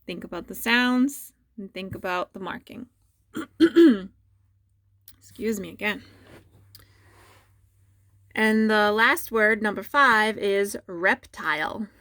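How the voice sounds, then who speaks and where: A woman teacher dictating a spelling test to students at home, repeating each word slowly and giving patient instructions. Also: medium pitch, fairly bright tone, no room sound, clean studio sound. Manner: slow, deliberate dictation with repeated words.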